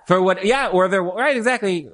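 A man answering marriage questions in a live Q&A, animated, full of restarts, acting out spouses' complaints. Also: high voice, normal speed. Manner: animated, repetitive restarts, acts out quoted spouses. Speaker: relationship speaker. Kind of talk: Q&A talk to a live group.

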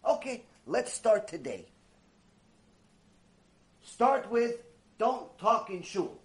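A man's voice: high voice, unhurried, pauses often. A man teaching a mussar lecture, who tells stories with lots of life, repeats his phrases and mixes in terms. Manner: animated storytelling with Hebrew terms, repeats phrases. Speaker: Torah teacher.

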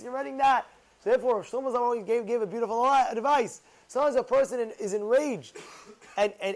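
High-voiced man telling Torah stories. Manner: animated, repeats words, uses Hebrew terms. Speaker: rabbi giving a Torah talk. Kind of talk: sermon with personal stories.

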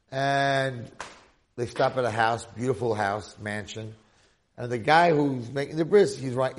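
A man teaching a Torah class, telling a long story with animated asides to his listeners. His voice is gravelly and of medium pitch. He talks directly to the room.

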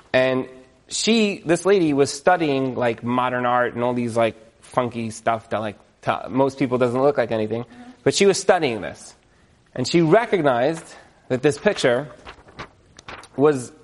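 A man speaking to an audience, telling a story in a chatty, animated way with lots of fillers and repeated words. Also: mid-range voice. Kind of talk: lively storytelling talk.

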